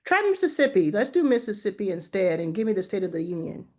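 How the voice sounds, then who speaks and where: A woman hosting a casual chat, talking in an animated way, full of restarts and "like". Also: medium pitch, fast talker. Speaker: host.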